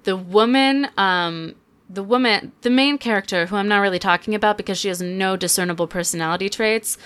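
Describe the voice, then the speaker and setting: A young woman hosting a podcast, chatting casually and sarcastically about a movie with quick asides. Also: mid-range voice, a bit bright, smooth. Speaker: podcast host. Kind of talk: casual chat, movie review.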